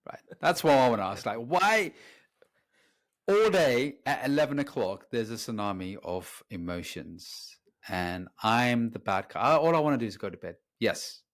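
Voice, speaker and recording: A man co-hosting a podcast, venting in an exasperated, animated way during a casual discussion. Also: mid-range voice, moderate pace. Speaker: podcast co-host.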